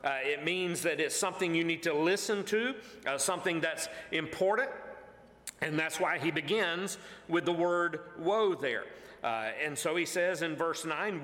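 Man, pastor, sermon, earnest, emphatic, fillers, high voice, roomy hall echo. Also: moderate pace, fairly bright tone. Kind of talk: verse-by-verse Bible teaching. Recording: echoey hall with long reverb.

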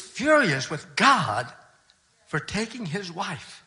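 Older male pastor, folksy sermon storyteller, bright, slightly high voice. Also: lively intonation, measured pace, long pauses.

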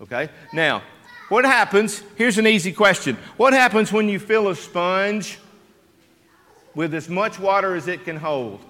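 High-voiced preacher in a reverberant church. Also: male voice, lively intonation, a little slow, slight background noise. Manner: emphatic, rhetorical questions to the congregation, swings from loud to hushed. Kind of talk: sermon. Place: church sanctuary.

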